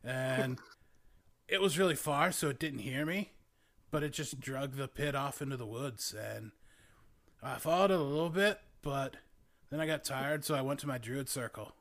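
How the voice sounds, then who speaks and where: A man's voice: medium pitch, normal speed, a bit bright, natural voice. A man voicing a laid-back, rambling young male druid who drawls and fills every sentence with "like" and "man". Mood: spacey. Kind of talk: tabletop role-play character voice.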